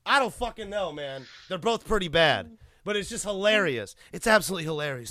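A man in casual chat about a TV comedy, excitable and profane, often breaking into laughter. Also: high voice, a little fast, dry recording, studio quality.

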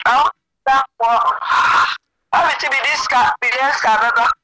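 A woman's voice: sits high, fairly even intonation, moderate pace. Woman on a noisy call. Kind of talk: casual chat.

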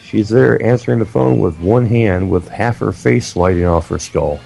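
A man speaks dryly and haltingly in casual banter with friends. His voice is low and gravelly, with plenty of fry. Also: mellow, faint music behind. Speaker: show regular.

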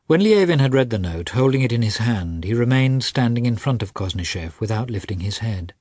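A man narrating an audiobook with a steady, expressive reading. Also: mid-range voice, brisk, no room sound, studio quality.

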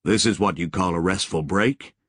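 A man's voice: deep voice, normal speed, a bit bright, slightly rough, dry recording, clean studio sound. A man doing a wary, skeptical male explorer. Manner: skeptical, questioning.

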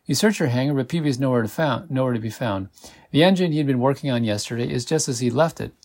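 A man hosting a podcast, reading an interactive adventure story aloud in a measured way and slowing down when he speaks to the listener. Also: mid-range voice, a little mellow. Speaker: podcast host.

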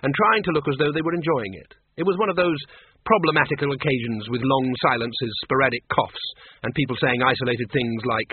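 A male audiobook narrator who reads in a measured, dry way with a husky, mid-pitched voice. The room is dead and dry. The sound is thin and tinny, close to a phone line. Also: no echo. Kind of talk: scripted narration.

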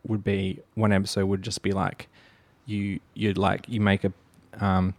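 A man hosting a podcast, chatting in a relaxed, easygoing way. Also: sits low, unhurried, no echo. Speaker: podcast host. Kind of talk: casual chat.

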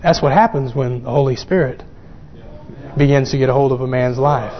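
A man preaching a sermon, fervent and growing excited as he quotes scripture. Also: mid-range voice, normal speed, a crowd in the background. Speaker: pastor. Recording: dull lo-fi sound with long hall reverb.

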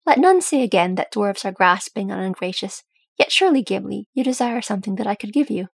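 A woman reading the part of a serene, gracious elf queen in calm, stately speech. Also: mid-range voice, a little fast, gravelly, breathy edge, no room sound, studio quality. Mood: regal.

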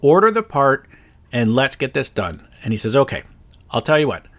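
A man's voice: medium pitch, moderate pace. Exasperated man telling a story. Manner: exasperated, animated retelling with sharp jumps up when quoting himself. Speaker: podcast host. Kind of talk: casual storytelling monologue.

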